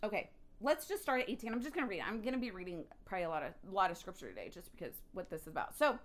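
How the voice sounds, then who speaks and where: A woman teaching a Bible study in a chatty, animated way, reading scripture and adding her own asides. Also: mid-range voice, very fast.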